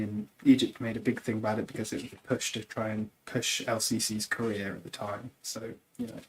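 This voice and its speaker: A man's voice: medium pitch, rough recording. A man, a guest sculptor, chatting casually and telling rambling anecdotes full of "like" and laughs. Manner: rambling, animated, lots of "like" and laughter.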